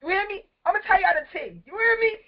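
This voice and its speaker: A woman in her thirties, a community activist, ranting angrily with lots of swearing, her voice going hoarse. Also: extremely high pitch, expressive, quick pace. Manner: angry, profane, shouting in bursts. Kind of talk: impassioned rant. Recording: dull lo-fi clip.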